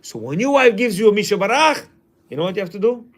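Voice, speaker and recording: A man's voice: sits high, very animated, fast talker. A man teaching a class in a casual way, reading a passage aloud and then commenting, often acting out quoted lines.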